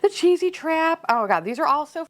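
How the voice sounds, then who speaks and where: A woman's voice: high voice, sing-song, moderate pace, soft background music. A woman hosting an unboxing video, chatting casually and gushing over cute finds, with some swearing.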